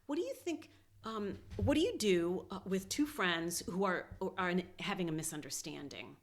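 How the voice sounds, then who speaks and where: A woman voicing an earnest, unsure cartoon boy who speaks hesitantly, with halting restarts. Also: fairly low pitch, animated.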